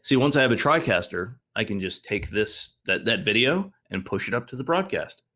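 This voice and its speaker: An American man with a lowish voice hosts a podcast in loose, casual banter. He talks in a laid-back way, swears freely and trails off into ums between thoughts. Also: big pitch swings, fairly quick, sharp tone. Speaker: podcast host.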